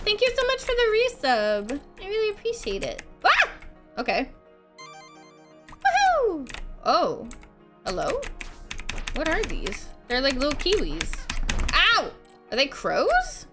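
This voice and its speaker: A woman live-streaming a video game, chatting casually, giggling and thanking her viewers. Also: high-pitched. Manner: giggly, animated, talks to herself and thanks chat.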